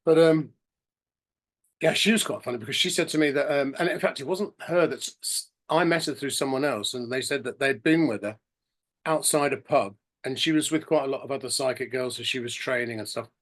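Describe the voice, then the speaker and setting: In a casual interview, a middle-aged man guesting on a podcast spins long stories in a medium-pitched, fairly bright voice, speaking fairly quickly. He rambles, restarts often, and performs other people's quoted words.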